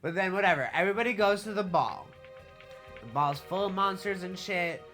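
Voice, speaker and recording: Young woman, lowish voice, rapid slangy TV recap full of "like" and cursing. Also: fairly bright tone, faint music behind. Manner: rapid, slangy, swears freely, filler "like". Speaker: TV recap vlogger. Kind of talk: casual TV episode recap.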